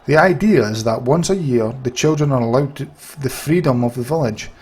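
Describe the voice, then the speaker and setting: A man voicing a tiny, chirpy, impatient male winged sprite while reading game dialogue aloud, in a husky voice. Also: mid-range voice, brisk, a little mellow, lightly acted. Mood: chatty.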